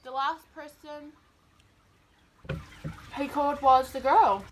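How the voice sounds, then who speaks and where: A woman's voice: sits high, takes it slowly, slight background noise. A young woman, chatting through a long story while eating for a mukbang vlog. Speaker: vlogger.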